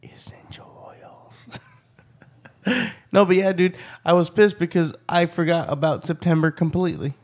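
A man's voice: fairly high pitch, brisk, few pauses, a little mellow. A young man in casual, profane chat, rambling through a story and acting out both sides of the talk.

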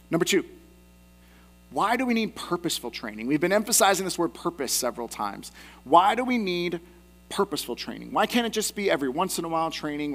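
A man's voice: fairly high pitch, fairly bright tone. A man in his thirties, a pastor preaching a sermon in a conversational, self-deprecating way with personal asides.

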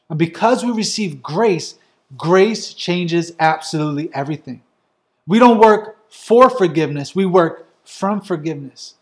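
A man preaching a sermon, earnest and emphatic, driving his points home with lists of short phrases. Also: high-pitched. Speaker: pastor.

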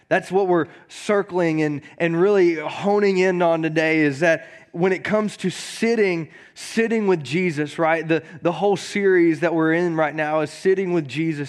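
A man, a pastor, preaching a sermon in a casual, joking way, often repeating words, and reading scripture slowly. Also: a little high. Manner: reads scripture slowly and deliberately.

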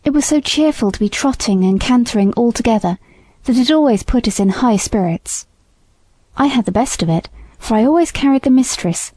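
A woman narrating an audiobook in a measured, gentle storytelling manner. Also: fairly high pitch, expressive, no echo. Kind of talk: scripted narration.

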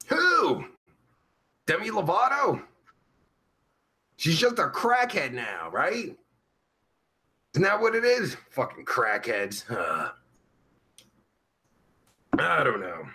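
Casting: a man playing a crude, foul-mouthed streamer, high, bouncy voice, slow delivery. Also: creaky, sharp tone, heavily acted. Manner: profane, crude, rambling. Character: crude vulgar man livestreamer, Pervert Pete. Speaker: livestream host. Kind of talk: live chat comedy stream.

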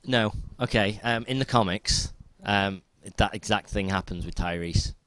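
A man co-hosting a podcast in casual chat, rambling and trailing off into quiet asides. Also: on the low side, unhurried, slight background noise. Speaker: podcast co-host.

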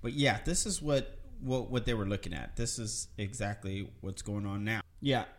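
A man hosting a podcast in casual chat, talking loud, rambling and swearing constantly. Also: lowish voice, normal speed. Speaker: podcast host.

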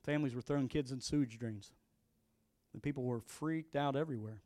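A man's voice: mid-range voice, fairly quick, warm tone, dry recording, studio quality. A middle-aged male pastor telling a story in a sermon and pressing his point with emphatic, repeated exhortations.

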